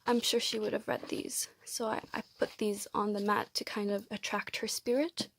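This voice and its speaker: A woman's voice: medium pitch, flat delivery, normal speed, dry recording. A woman doing a casual tarot reading at home, chatty and rambling, with frequent restarts and asides. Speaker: tarot reader and psychic channeler. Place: room at home.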